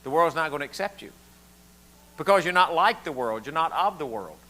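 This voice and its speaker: An older man with a thick Southern accent gives a homey, conversational sermon. He quizzes his listeners and stumbles over repeated words as he goes. His voice is pitched a little high and rings brightly. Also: lively intonation, a little fast. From southern United States. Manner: folksy, asks the room questions, repeats words often. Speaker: pastor.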